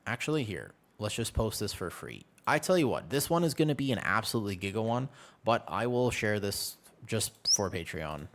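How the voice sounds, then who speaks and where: A young man streaming a video game, joking and chatting with his viewers in a casual, animated way. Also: lowish voice, moderate pace, a little hiss or hum. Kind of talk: casual gaming stream chat.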